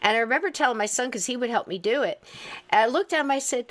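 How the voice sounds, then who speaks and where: Animated, high-voiced woman podcast host. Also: fairly quick. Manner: animated, laughs through stories. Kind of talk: casual storytelling chat.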